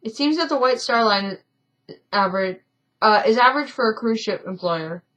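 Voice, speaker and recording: A woman's voice: a little high, expressive, moderate pace, a bit bright, muffled recording. A woman reading a story game aloud in a casual let's-play, often stumbling and correcting herself, with chatty asides.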